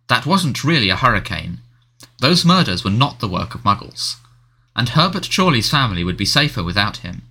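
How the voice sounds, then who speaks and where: A man voicing a flustered middle-aged male wizard official who talks in a brisk, dismissive way. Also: medium pitch, sharp tone, exaggerated voice.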